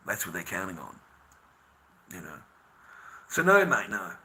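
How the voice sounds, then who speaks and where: A man's voice: huge pitch swings, measured pace, pushed and bright, low-quality recording. Profane, bitter Australian man ranting. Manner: profane and bitter, swinging between angry outbursts and low muttering. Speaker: vlogger. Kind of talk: ranting monologue to camera.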